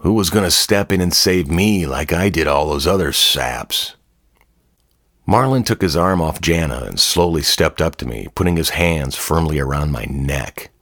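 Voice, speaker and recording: A man narrating a first-person story in a measured, wry delivery. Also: very deep voice, lively intonation, a bit bright, no room sound, studio quality.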